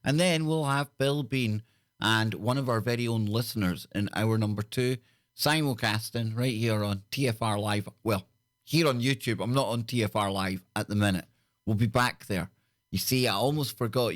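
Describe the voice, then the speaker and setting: A man's voice: mid-range voice, no room sound, studio quality. A man with a Scottish accent hosting a live call-in radio show, joking with his listeners and greeting them one by one. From Scotland. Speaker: radio talk show host.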